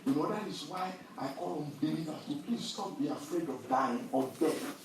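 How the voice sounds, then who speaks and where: A man preaches in a big, very echoey hall, his voice a little higher than most men's. He sounds distant from the mic, with faint noise behind him, and he swings from quiet storytelling to loud, forceful scripture reading. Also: normal speed. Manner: animated, rising to loud emphasis when reading scripture. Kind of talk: sermon.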